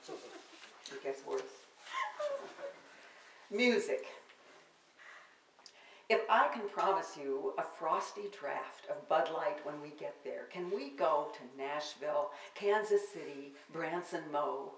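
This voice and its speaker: A woman's voice: low voice, lively intonation, slow pace, long pauses. An older woman, a poet, giving a public reading of her verse with wry, theatrical delivery and spoken asides, in a bookstore. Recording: roomy, distant live-event recording.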